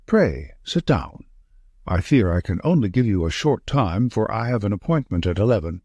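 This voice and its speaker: A brisk, sharp-minded detective, as a man reads him who probes with lively, rising questions. His voice is husky and springs up and down. It sounds dry and close. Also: fairly low pitch, no echo. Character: sharp, confident male detective, middle-aged.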